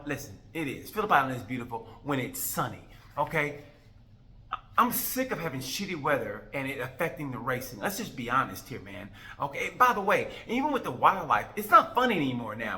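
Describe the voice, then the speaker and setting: Male host with a bright, ringing voice. Casual comedic rant that rambles and turns exasperated. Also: fairly high pitch. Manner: rambling, jokey, exasperated asides. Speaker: host of a motorcycle racing review.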